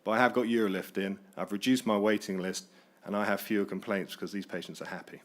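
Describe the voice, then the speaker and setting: A man's voice: on the low side, fast. Persuasive man debating at a conference. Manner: persuasive, energetic. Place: conference hall.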